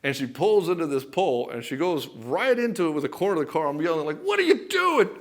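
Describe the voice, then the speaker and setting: A man's voice: a little high, expressive, quick pace, darkish tone. A man coaching husbands in a direct, blunt and emphatic talk, with casual swearing and stories from his own marriage, calling the listener brother. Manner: addresses the viewer as brother; tells personal anecdotes. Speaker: relationship coach.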